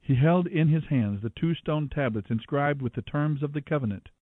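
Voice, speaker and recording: A man reading the Bible aloud in a steady, measured manner as the show's regular reader. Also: on the high side, no room sound. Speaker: scripture reader. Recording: dry, phone-like narrow sound.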